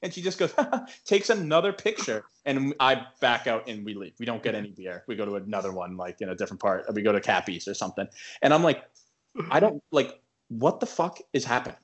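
This podcast co-host is a young man telling a story in casual chat, his mid-range voice animated and a little fast. He rambles, with lots of filler "likes" and restarts.

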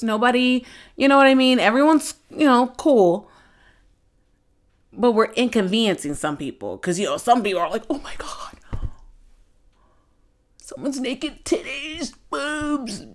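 A young adult woman hosting a podcast, chatting casually and telling candid stories, filling her speech with "like". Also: medium pitch. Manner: chatty, candid storytelling with lots of "like". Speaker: podcast host. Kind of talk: casual chat.

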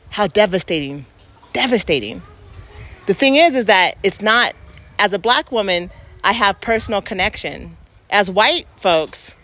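A woman's voice: fairly low pitch, fairly bright tone. Earnest woman thinking aloud. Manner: earnest, emphatic, thinks aloud with many restarts. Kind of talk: reflective casual talk.

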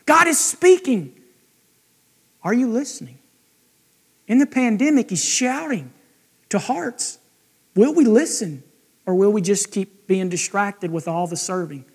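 Brief: man preaching, high-pitched, conversational, keeps questioning the listeners. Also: big pitch swings, measured pace, pauses often, breathy edge. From United States. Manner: conversational, asks the congregation questions. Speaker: pastor. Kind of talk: sermon.

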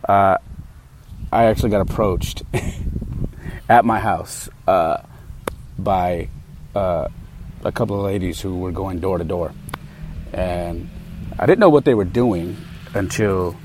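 Low-voiced man telling a heated story. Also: slow pace, pauses often, background noise. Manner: candid, heated, with frequent fillers. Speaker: podcast host. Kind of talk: casual storytelling monologue.

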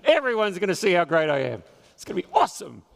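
A preacher playing a smug, vain royal official. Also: male voice, high voice, wildly swooping pitch, fast talker, gravelly, heavily acted. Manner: smug, self-satisfied musing. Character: boastful vain ancient male royal official.

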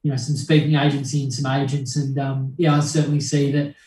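A man's voice: mid-range voice, little pitch movement, a little fast, a little mellow. A young man, a guest in an interview, speaking earnestly and reflectively with many ums and restarts. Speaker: guest, mental health charity founder. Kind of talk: conversational interview. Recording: roomy echo, mic at a distance.

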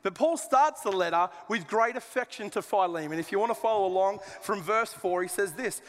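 A man's voice: high-pitched, brisk, few pauses, fairly bright tone, long reverb tail. A man preaching a sermon as a pastor, conversational and joking with colloquial asides. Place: church auditorium.

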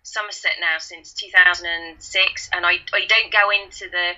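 A woman's voice: lowish voice, fairly even intonation, moderate pace, sharp tone, lo-fi sound. A woman with a Kentish London accent co-hosting a radio show, chatting casually with lots of fillers. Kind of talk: casual on-air chat.

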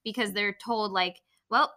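A woman's voice: mid-range voice, steady tone, measured pace, bright, forceful tone. A young woman in casual chat about an event, rambling with many fillers and restarts. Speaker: event panelist.

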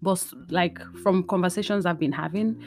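Weary woman podcaster, low voice. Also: normal speed, a little mellow. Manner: tired, emotional and rambling, mixing in Yoruba phrases. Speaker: podcast host. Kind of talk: casual solo podcast talk. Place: indoors at home.

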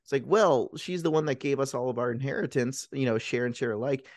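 A man's voice: medium pitch, fairly even intonation, fairly quick, a little mellow, dry recording. Man, casual movie chat, swears a lot, acts out lines, dry close sound. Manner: swears often, retells scenes with put-on voices. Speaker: podcast co-host.

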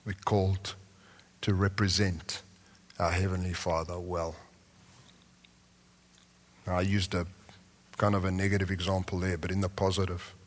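A man preaching a sermon in a large church hall, moving between impassioned lines and soft, prayerful tones. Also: low-pitched, flat delivery, normal speed, pauses often. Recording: long reverb of a large hall.

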